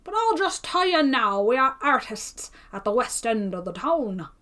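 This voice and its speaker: A pompous male tailor who gossips in a chatty, exclaiming way, as a woman reader puts him on. His voice is fairly high and bounces about with lively pitch. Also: unhurried. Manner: chatty, self-important, exclaiming.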